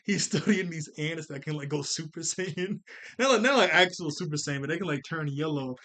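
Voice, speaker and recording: Male host with a slightly high voice doing loose, excitable film commentary, quick to laugh. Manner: excitable, laughs often, stumbles over words. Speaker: channel host reacting to an anime film.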